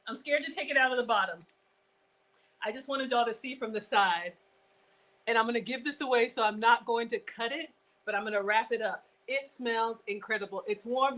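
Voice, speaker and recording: A woman hosting a live cooking stream, chatty and excitable, talking straight to her viewers. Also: fairly high pitch, normal speed, poor audio. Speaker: cooking show host.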